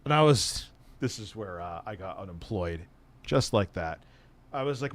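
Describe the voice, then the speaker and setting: A man's voice: lowish voice, animated, normal speed. A man hosting his own channel, telling a casual, profane, sardonic story about an old job. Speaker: streamer and channel host.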